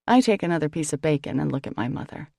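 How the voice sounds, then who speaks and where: A woman's voice: deep voice, lively intonation, fast talker, vocal fry, mellow, no room sound, clean studio sound. A woman narrating a first-person novel as an audiobook, in a wry, conversational way.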